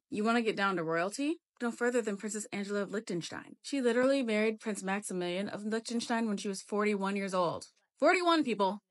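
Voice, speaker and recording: A woman talks in a casual social media monologue, building her case with energy and emphasis. She leans on fillers such as "literally" and "like". Her voice sits in the middle range. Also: mid-range voice.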